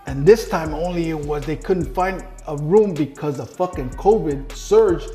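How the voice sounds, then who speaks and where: A man's voice: a little high, a little slow, mellow, soft background music. Profane, blunt middle-aged man telling his story. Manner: profane, blunt storyteller who acts out quoted dialogue. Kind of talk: casual sit-down interview, heavy swearing.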